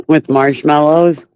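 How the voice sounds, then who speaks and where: A woman's voice: low voice, dull audio. A woman hosting a casual group chat, teasing her guests and laughing often. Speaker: host of an open chat panel.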